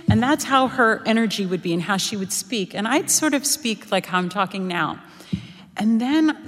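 A woman, an opera singer cast in a musical, talking animatedly in a panel interview, laughing often and acting out lines. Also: mid-range voice. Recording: hall reverb.

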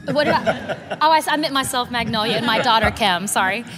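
An earnest woman talks about her stage role in a panel interview, correcting herself as she goes. Her voice is slightly high, and a long hall reverb trails each phrase. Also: animated, fairly quick, a crowd in the background. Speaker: actress in a musical.

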